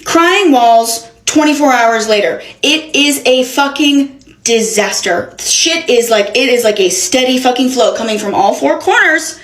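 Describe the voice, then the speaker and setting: A young woman with a slightly high voice recounts a chaotic personal story. She talks casually and dramatically, with plenty of swearing. The sound has a roomy echo. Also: normal speed. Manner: animated, profane, dramatic retelling. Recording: echoey room.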